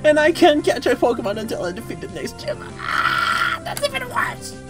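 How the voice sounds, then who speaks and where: A young adult streamer giving casual, excitable commentary while gaming, swearing, laughing often and stammering. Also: mid-range voice, moderate pace, over music.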